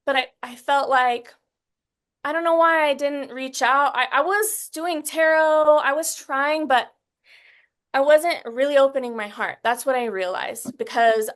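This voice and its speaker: A woman in her thirties as an interview guest, recounting a painful story in an earnest, halting way with many restarts, sometimes getting emotional. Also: high-pitched. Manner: gets emotional while recounting.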